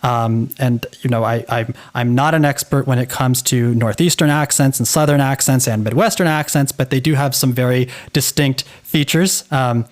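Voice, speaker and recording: A man's voice: medium pitch, normal speed, hardly any pauses. An American man co-hosting a linguistics podcast, chatting enthusiastically and agreeably, often repeating words as he starts a thought. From United States. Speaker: podcast co-host. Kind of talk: casual conversational discussion.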